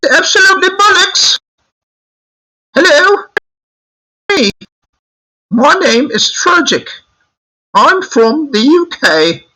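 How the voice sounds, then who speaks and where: A man's voice: extremely high pitch, sing-song, slow pace, long pauses, sharp tone, voice pushed up, full character voice, poor audio. A man doing a cheeky put-on British bloke. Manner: exaggerated, sing-song.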